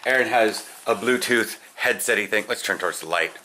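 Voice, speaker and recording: A young man rambles through a casual vlog chat, full of restarts and quick laughs. His voice is bright and forward. There is a faint hum of noise behind him. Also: lowish voice. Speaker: vlogger, football player. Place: in a car, then outdoors.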